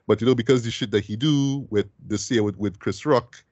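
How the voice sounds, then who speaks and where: A man's voice: medium pitch, fairly quick, hardly any pauses, a little mellow. A man co-hosting a podcast film review in casual chat, ending many phrases with "right?" and often restarting words.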